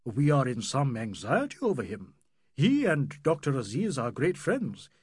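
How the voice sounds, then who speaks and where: A man voicing a polite, placating middle-aged gentleman who speaks in a courteous, soothing manner. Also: mid-range voice, wildly swooping pitch, normal speed, breathy edge, no room sound, studio quality.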